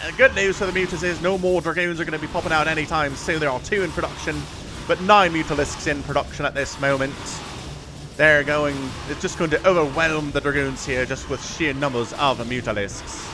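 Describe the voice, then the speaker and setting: A man's voice: brisk, noisy background, close to an everyday voice. A man putting on a hyped Australian caster. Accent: put-on Australian. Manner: exaggerated slang, raised pitch, loud. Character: cheery over-the-top Australian male game caster. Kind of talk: mock-Australian game commentary.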